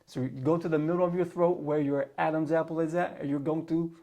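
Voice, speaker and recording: Guy teaching letters, gravelly voice, a bit high, repeats sounds over and over. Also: fairly even intonation, a little fast, mellow. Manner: patient, repeats sounds for practice. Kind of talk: spoken lesson.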